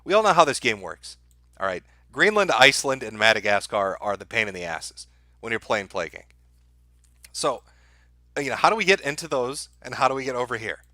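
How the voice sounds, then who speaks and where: Man, middle-aged, stream host, crude mocking commentary, bright tense voice, dry sound. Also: mid-range voice, fairly quick, no room sound. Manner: crude, mocking, deadpan asides to chat. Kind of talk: sardonic live-stream commentary.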